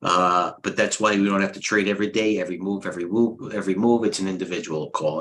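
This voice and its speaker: A man's voice: deep voice, a bit bright, a little hiss or hum, low-quality recording. A middle-aged man, a head trader and coach, giving rambling, off-the-cuff live market commentary with blunt opinions and lots of fillers.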